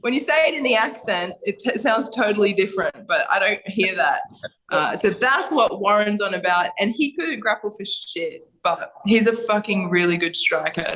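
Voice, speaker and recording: A woman's voice: mid-range voice, moderate pace, a bit bright, low-quality recording. A young Australian woman, a fighter, chatting as a podcast guest, blunt and laughing, swearing freely. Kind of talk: casual podcast chat. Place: Thailand.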